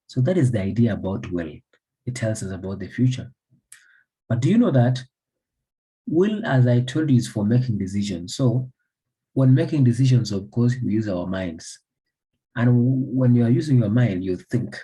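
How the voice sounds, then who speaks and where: A man from Somalia teaches English grammar. His voice is very husky, low and mellow. He drills example sentences again and again and quizzes the class with questions. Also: low-quality recording. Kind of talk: grammar lesson.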